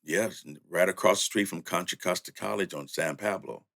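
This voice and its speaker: A middle-aged man with a low voice and a Southern country lilt tells stories as an interview guest. He is relaxed and easygoing, and his pitch jumps up when he acts out old conversations. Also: moderate pace, vocal fry. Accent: Southern US country accent. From Louisiana, raised in the Bay Area. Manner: laid-back, laughing, acts out quotes with rising pitch. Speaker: music producer, guest. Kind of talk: storytelling interview.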